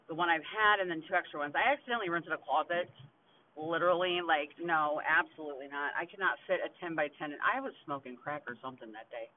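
A woman's voice: on the low side, a little hiss or hum. Blunt, foul-mouthed woman in her forties. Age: 40s. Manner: blunt, heavily profane, laughs between lines. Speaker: podcast host. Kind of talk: casual venting monologue. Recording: tinny phone-like recording.

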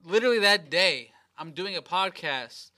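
A man's voice: high voice, animated, normal speed, sharp tone. A man co-hosting a podcast, ranting in a heated, profane way. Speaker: podcast co-host. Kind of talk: casual podcast chat.

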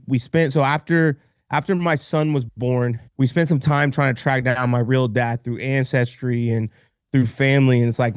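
A man's voice: medium pitch, darkish tone, clear, resonant tone, dry recording, clean studio sound. A man being interviewed on a podcast, speaking candidly and earnestly with frequent restarts, choked up with emotion. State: emotional, near tears. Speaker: podcast guest, entrepreneur. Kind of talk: casual interview chat.

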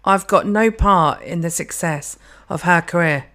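This is a woman in her thirties with a slightly low voice, co-hosting a chatty podcast. She rants in a joking, sweary way. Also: a little slow, a bit bright. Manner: ranting, sweary, jokey. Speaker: podcast co-host. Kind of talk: casual chat.

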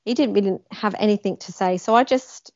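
A young woman, a guest, recounts a personal story a little fast in an average-pitched voice, animating scenes and acting out quoted lines with emphasis. The recording is dry, slightly muffled, and lo-fi.

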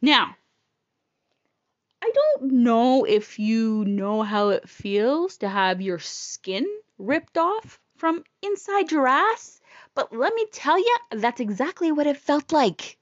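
A woman's voice: high-pitched, very animated, slow, no room sound, lo-fi sound. A woman telling a personal story in a casual, blunt, profane and emotional way.

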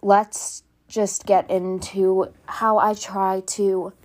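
A young woman with a mellow, warm voice talks earnestly at home, rambling a little and leaning on fillers. She sounds like a teenager sharing personal advice in an easygoing podcast chat. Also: medium pitch, little pitch movement, extremely slow. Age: teens. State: out of breath. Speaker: podcast host. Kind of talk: casual personal talk.

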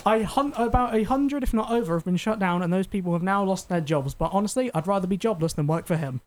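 A man's voice: high-pitched, fast talker. A young man, co-hosting a casual comedy podcast with a sarcastic, mocking manner. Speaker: podcast co-host.

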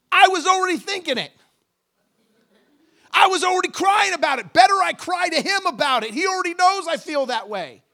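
A pastor preaching with a high, bright-edged male voice. He surges from steady teaching into impassioned, near-shouted climaxes, carrying the congregation with him. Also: brisk. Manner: impassioned, rising to shouts at peaks. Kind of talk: sermon.

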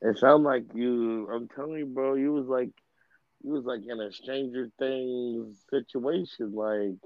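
A man's voice: mid-range voice, steady tone, a little slow, dry recording, narrow, tinny audio. A young man reacting to a friend's story with profane jokes and playful asides. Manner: joking, profane, playful interjections. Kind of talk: casual chat reactions.

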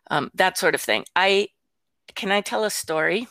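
A woman's voice: mid-range voice, normal speed, bright, forceful tone, no echo. An older woman, a grandmother and guest, telling a story in casual conversation, acting out quotes with frequent restarts and light laughs.

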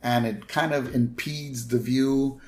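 A man's voice: steady tone, slow, darkish tone. A man co-hosting a podcast, casually recapping a cartoon episode and briefly mimicking its characters. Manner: retells scenes, briefly mimicking characters in higher voices. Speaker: podcast co-host.

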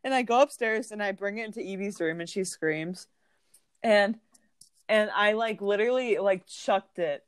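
A woman co-hosting a podcast who tells family stories in a casual, animated way, full of "like", and often acts out the other people's voices. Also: medium pitch, moderate pace, clean tone, no echo. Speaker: podcast co-host. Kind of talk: casual storytelling chat.

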